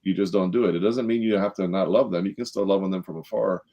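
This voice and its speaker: A middle-aged man on a leadership panel, telling an anecdote and acting out the quotes with a lifted voice. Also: fast talker. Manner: animated storyteller, acts out quotes with rising pitch. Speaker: panel guest, former sales director. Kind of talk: storytelling in a leadership panel talk.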